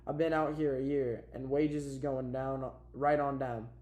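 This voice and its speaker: A man's voice: mid-range voice, flat delivery, measured pace, darkish tone, lightly acted. A man voicing a frustrated migrant camp worker, speaking in blunt rural dialect, recorded in an echoey room. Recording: roomy echo.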